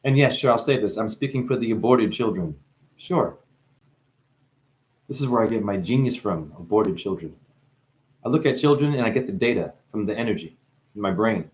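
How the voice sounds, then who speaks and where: A man with a New Jersey accent giving a rambling spiritual monologue as a livestream host. He swears freely and swings from loud bursts to hushed musing. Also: fairly low pitch, lively intonation, normal speed, long pauses.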